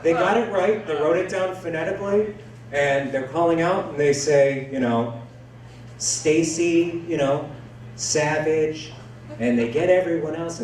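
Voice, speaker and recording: A man with a somewhat high voice does a stand-up set on a comedy club stage, joking crudely and at his own expense with the live crowd. The roomy club sound is picked up from far off, with a little hiss or hum.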